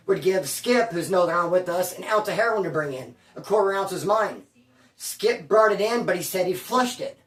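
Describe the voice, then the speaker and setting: A man who served time, telling a prison story in casual street slang, swearing freely and acting out what people said. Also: high voice. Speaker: former inmate storyteller. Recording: roomy echo, distant mic.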